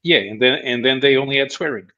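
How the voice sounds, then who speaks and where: A man's voice: mid-range voice, fast talker, sharp tone. Wry man on dull remote audio. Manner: wry, short quips. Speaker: co-host guest. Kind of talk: casual livestream chat.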